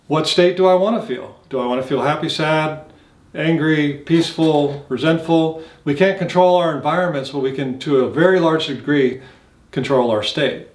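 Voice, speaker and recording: A man's voice: a little high, moderate pace, a little mellow, reverberant. A man giving an earnest reflective monologue, speaking straight to the listener with many rhetorical questions. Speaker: motivational speaker.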